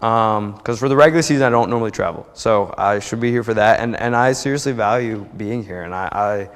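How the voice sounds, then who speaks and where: A man's voice: fairly low pitch, fairly quick, clean tone. A young man from New Jersey telling a heartfelt personal testimony at a church service, chatty and rambling with many restarts. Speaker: church member giving a testimony. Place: church sanctuary. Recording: long reverb of a church hall.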